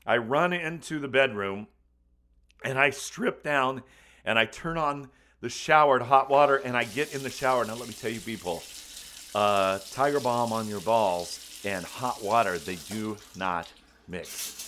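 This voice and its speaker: A man with a lowish voice telling a funny story from his own life. He talks in a lively, playful way and jumps into the voices of the people in it. It is loose, spoken storytelling. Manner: animated, acts out voices and screams for comic effect. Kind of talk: comic personal storytelling.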